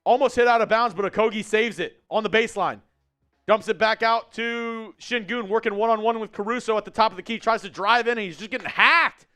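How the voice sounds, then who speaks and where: High-voiced excitable male stream host. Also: brisk, clear, resonant tone, soft background music. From Texas. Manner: upbeat and chatty, shouting on big plays. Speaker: live-stream host and play-by-play commentator. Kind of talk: casual live-stream watch-along commentary. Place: studio at company headquarters.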